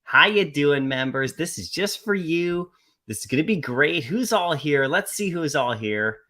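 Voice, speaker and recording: A man's voice: on the high side, lively intonation, measured pace, pushed and bright. A man hosting a casual live stream. He talks in an upbeat way and greets viewers one by one by name.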